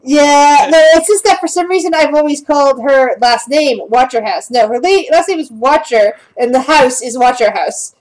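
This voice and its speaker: Hesitant woman game master, a bit high. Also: moderate pace, few pauses, a little mellow, low-quality recording. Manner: hesitant, with many fillers and restarts. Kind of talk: narrating a tabletop game.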